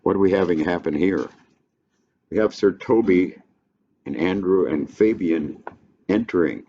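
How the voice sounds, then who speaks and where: An older man lecturing a class on a play in a folksy, halting way, with frequent restarts. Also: deep voice, dark tone. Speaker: literature teacher. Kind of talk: classroom lecture with read-aloud passages. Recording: dull lo-fi classroom recording with faint noise.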